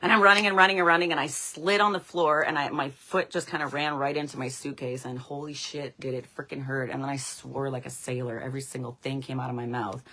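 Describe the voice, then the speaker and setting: A woman's voice: a bass voice, steady tone, fast, few pauses, bright, forceful tone. A young woman telling stories on a casual livestream, chatty and laughing often. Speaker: livestream host.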